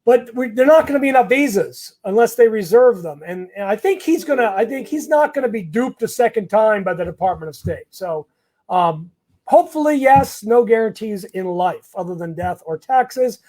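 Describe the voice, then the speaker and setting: A lawyer speaks in a high voice as he answers viewer questions in a live session. He is blunt and conversational, full of ums and false starts. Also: lively intonation, moderate pace, darkish tone. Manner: blunt, conversational, many fillers and restarts. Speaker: immigration lawyer.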